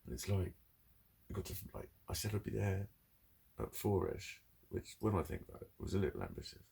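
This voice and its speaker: A man's voice: sits low, sing-song, brisk, gravelly, a little mellow, breathy edge. A man delivering a candid, ranting vlog monologue full of swearing. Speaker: vlogger. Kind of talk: confessional monologue.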